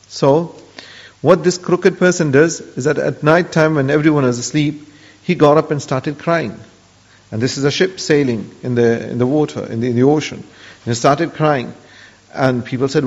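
With a slightly mellow, mid-range voice at a moderate pace, an Islamic religious teacher tells an old story in earnest, peppering it with pious honorifics. The recording is dull and lo-fi, with a long hall reverb.

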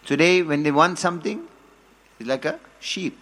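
A man giving a sermon, telling stories, quoting Arabic, and building to forceful emphasis. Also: a little high, expressive, moderate pace. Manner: storytelling, quotes Arabic, rises to forceful emphasis. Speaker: preacher.

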